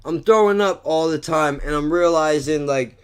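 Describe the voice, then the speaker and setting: A man's voice: on the high side, normal speed, smooth. A man rambling through a crude, profanity-filled vlog monologue, swearing and mocking himself. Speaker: vlogger.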